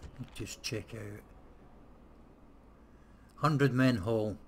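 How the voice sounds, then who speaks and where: A man's voice: mid-range voice, very slow, breathy edge. A man hosting a casual let's-play, thinking aloud as he plays, with frequent hesitations and the odd blunt swear word. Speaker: gameplay host.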